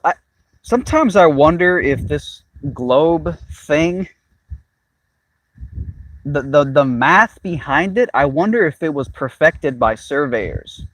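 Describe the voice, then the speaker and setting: A man's voice: on the high side, a bit bright, no echo, low-quality recording. Rambling, foul-mouthed man, dry sound. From Miami, Cuban-American. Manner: rambling, profane, laughs at own jokes. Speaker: channel host. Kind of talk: casual monologue to live chat.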